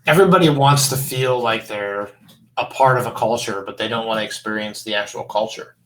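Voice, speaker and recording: A man's voice: on the low side, a little fast, a bit bright, low-quality recording. A man telling a profane bar story in casual podcast chat, acting out the voices of the people in it. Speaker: podcast host.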